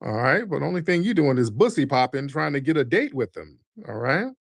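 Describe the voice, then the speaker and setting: A man's voice: mid-range voice, sing-song, fairly quick, gravelly, no room sound, studio quality. A man hosting a call-in show, mocking and insulting a caller with crude jokes. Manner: mocking, insulting, trash-talking. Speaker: host.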